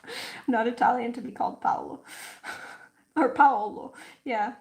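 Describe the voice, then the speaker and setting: A woman's voice: fairly high pitch, steady tone, creaky, darkish tone. A woman hosting a casual livestream, chatting and telling stories with lots of "like" fillers. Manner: chatty, frequent "like" fillers, storytelling; slow, thoughtful explaining. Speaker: livestream host.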